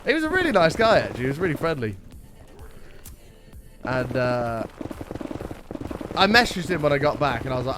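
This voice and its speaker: A man's voice: on the high side, big pitch swings, normal speed, pauses often, music in the background. A man chatting casually to his stream audience, telling a rambling story with a lot of swearing. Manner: rambling anecdote, frequent swearing.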